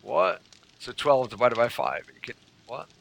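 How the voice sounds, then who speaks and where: A man's voice: medium pitch, animated, measured pace, gravelly, fairly bright tone, slight background noise. A man streaming a game live, reading chat aloud, thanking followers and joking with viewers.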